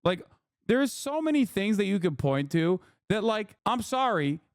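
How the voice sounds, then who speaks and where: A man's voice: high voice, sing-song, a little slow, clear, resonant tone, no room sound. A man reacting to a video as a streamer, ranting in casual, profane, sarcastic commentary on a close mic.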